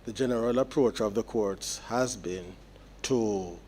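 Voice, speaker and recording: A man, a judge delivering sentencing remarks in court in a measured, explanatory way with deliberate pauses. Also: lowish voice, dark tone, a little hiss or hum.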